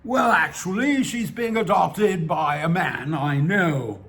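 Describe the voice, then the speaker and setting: A man's voice: on the high side, takes it slowly, a bit bright, slight background noise. A man voicing a lonely, wheedling old man. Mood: evasive. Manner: hesitant, wheedling, protests too much. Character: lonely seventy-six-year-old man, evasive and self-justifying.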